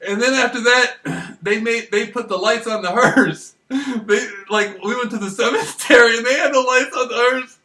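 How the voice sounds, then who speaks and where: A man's voice: high voice, moderate pace, sharp tone. A man telling rambling, profane stories in a casual monologue, often laughing as he talks. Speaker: vlogger. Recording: echoey room, voice far from mic.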